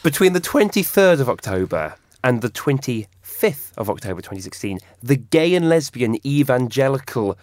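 A man's voice: medium pitch, big pitch swings, moderate pace, hardly any pauses, darkish tone, dry recording. A man presenting topics on a studio radio show in a conversational, wry way. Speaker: radio host. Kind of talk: casual studio discussion. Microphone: studio microphone.

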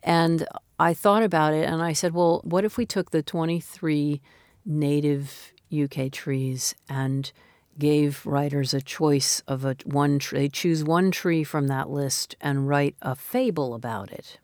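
A woman's voice: sits low, steady tone, a little slow, darkish tone, dry recording, studio quality. A woman in her fifties, a novelist speaking in an interview, talking in a thoughtful, reflective, conversational way. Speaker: novelist guest.

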